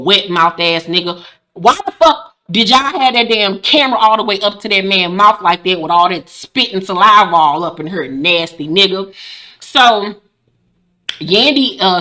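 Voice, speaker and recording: A woman's voice: on the low side, pushed and bright. A woman in her forties giving a blunt, profane, sassy casual recap of a reality show as a YouTube host. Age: 40s.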